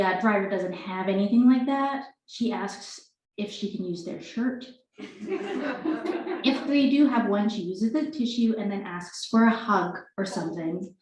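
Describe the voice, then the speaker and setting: A woman's voice: mid-range voice, darkish tone. A woman introducing and reading her work at a book launch, chatty and self-deprecating, with stage directions read plainly. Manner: chatty, self-deprecating, laughing between lines. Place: bookstore event room indoors. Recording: echoey room.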